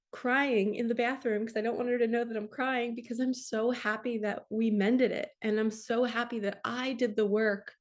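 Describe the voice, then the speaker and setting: Woman, 40s, spiritual coach, earnest heartfelt delivery, fairly high-pitched. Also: little pitch movement, moderate pace, hardly any pauses. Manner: earnest and emotional, tearful in places. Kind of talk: personal testimony to camera.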